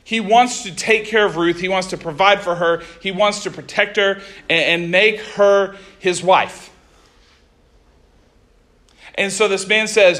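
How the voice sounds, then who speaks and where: Animated high-voiced male preacher. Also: a little slow. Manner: conversational, animated retelling with casual asides. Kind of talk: sermon with scripture reading.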